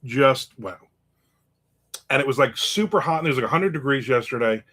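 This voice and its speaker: A man telling a story in a casual monologue, animated and acting out the people in it with raised voices. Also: mid-range voice, brisk.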